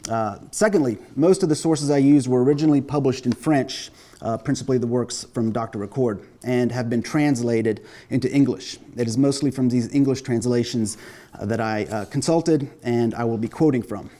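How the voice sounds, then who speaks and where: A man giving an academic lecture as a pathologist. He speaks in a measured, self-deprecating way, with frequent hesitations. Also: medium pitch, warm tone.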